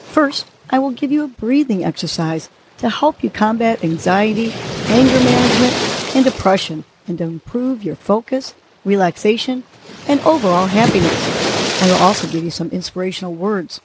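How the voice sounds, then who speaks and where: A woman's voice: medium pitch, expressive, normal speed, very noisy. A woman hosting a podcast, guiding listeners through a breathing exercise and giving motivational encouragement step by step. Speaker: podcast host. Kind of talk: guided breathing and motivational talk.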